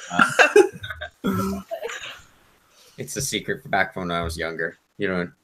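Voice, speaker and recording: A man's voice: low voice, huge pitch swings, unhurried, sharp tone. A man running a tabletop game as game master, joking and laughing often.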